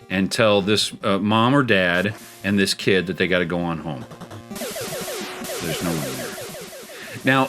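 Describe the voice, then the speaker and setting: Low-voiced man telling a spooky story. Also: a bit bright. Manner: rambling, chuckling, with restarts. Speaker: show host. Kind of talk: casual spooky storytelling while gaming.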